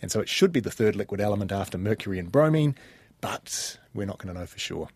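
NZ male co-host, husky, dry close sound, calm explainer. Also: on the low side, dry recording. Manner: explanatory, measured, with small fillers. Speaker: podcast co-host. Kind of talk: casual science chat.

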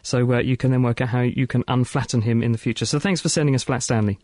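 Fast-talking man hosting a science radio show. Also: mid-range voice, steady tone, darkish tone, dry recording, clean studio sound. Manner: quick, jokey, chatty. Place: radio studio.

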